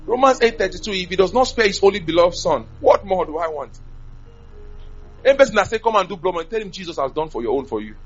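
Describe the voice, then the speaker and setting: Guy preaching, kinda high voice, bounces all over, dull lo-fi sound. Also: fast talker, husky, faint music behind. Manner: animated preaching, swinging from loud to soft. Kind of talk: sermon.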